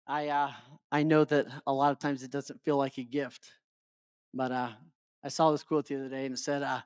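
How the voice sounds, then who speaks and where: A man's voice: mid-range voice, level tone, normal speed, darkish tone, clear, resonant tone, no echo, studio quality. A middle-aged man giving a motivational talk to a live audience as a life coach. He keeps checking in with his listeners and often stumbles over and repeats his words.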